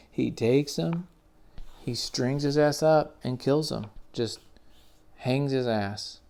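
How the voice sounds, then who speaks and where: A man's voice: medium pitch, slow, vocal fry, warm tone. A man enthusiastically retelling a comic book story in casual, slangy commentary with frequent swearing. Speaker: comics reviewer.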